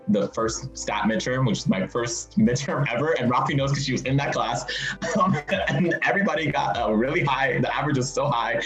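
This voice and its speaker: A young man, a university student on a panel, casually tells a funny story and animatedly acts out the people in it using high-pitched voices. The audio is reverberant and dull.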